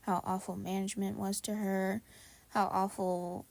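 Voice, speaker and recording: A woman's voice: medium pitch, level tone, measured pace, gravelly, a little mellow, no echo. A young woman co-hosting a podcast, talking in a blunt, profane, ranting way during casual chat. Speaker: podcast co-host.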